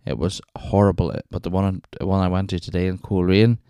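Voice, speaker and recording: A man's voice: low voice, flat delivery, fairly quick, warm tone, clear, resonant tone, no echo. A Northern Irish man hosting his own podcast, telling stories in a chatty, rambling way that doubles back on itself. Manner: rambling, chatty, self-interrupting with wee asides. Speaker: podcast host. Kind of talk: casual solo storytelling.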